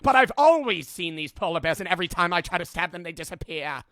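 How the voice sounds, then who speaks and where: A man's voice: high-pitched, very animated, fast, dry recording, clean studio sound, full character voice. A man doing a frantic old-timey castle guard. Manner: loud, pleading, old-timey. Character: frantic 1800s castle guard, man, insists he's sane.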